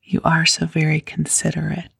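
A woman's voice: deep voice, monotone, a little slow, vocal fry, breathy edge, dry recording, full character voice. A woman whispering a prim French governess with a French accent, formal and clipped, in whispered role-play.

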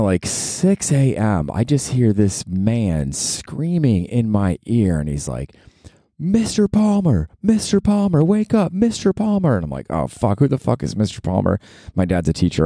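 Lively low-voiced man in his forties. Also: no room sound, clean studio sound. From Florida. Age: 40s. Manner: animated, swearing, swooping up into high exasperated outbursts. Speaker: podcast host. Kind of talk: casual storytelling monologue.

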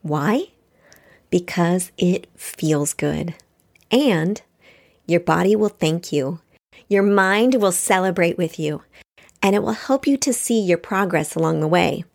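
A woman's voice: lowish voice, lively intonation, slow, vocal fry. A woman hosting her own podcast, speaking straight to listeners in an upbeat, encouraging way and reading aloud from her book. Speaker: podcast host.

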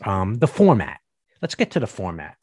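A man's voice: on the low side, huge pitch swings, normal speed, a little mellow, no echo. A man ranting to camera as a vlogger, sarcastic and mocking, often stumbling and repeating words. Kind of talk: ranting commentary.

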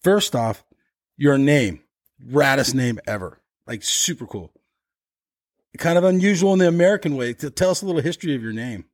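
A man's voice: mid-range voice, lively intonation, moderate pace, dry recording, studio quality. A man hosting a casual podcast interview, talking in laid-back surfer slang and laughing along with his guest. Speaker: podcast host.

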